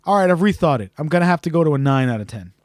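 A man co-hosting a podcast in casual chat, rambling and halting with many fillers and restarts. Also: fairly high pitch, animated, no room sound, clean studio sound. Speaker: podcast co-host.

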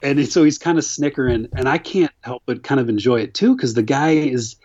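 A man's voice: medium pitch, a little fast, darkish tone. Man, podcast host, casual chat, laughs a lot, curses freely, dull lo-fi sound. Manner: laughing storyteller, profane, rambling.

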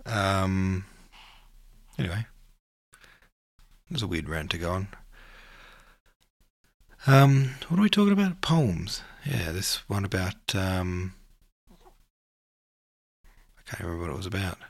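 A man's voice: low voice, sing-song, slow, pauses often, dry recording. An Australian man with an Australian accent, a podcast host rambling casually and reading listener comments aloud. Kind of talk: casual chat.

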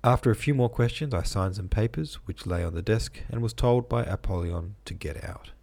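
A man reads a book aloud with deliberate pacing, stopping now and then to laugh at a misread line. His voice is low and gravelly, with a husky edge. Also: a little mellow. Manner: deliberate storytelling, laughing at his own slips. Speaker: reader.

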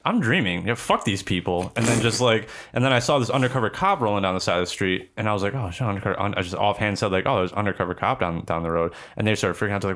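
A man with a lowish voice talking quickly in a casual chat among friends. He rambles and laughs through his own stories, swearing freely. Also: expressive, fairly bright tone. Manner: fast, rambling, laughs while telling stories.

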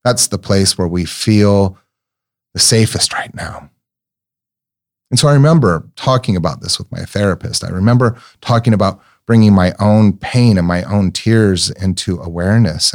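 A middle-aged man giving an earnest, reflective sermon-like talk, telling personal stories gently and often repeating words as he searches for them. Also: lowish voice.

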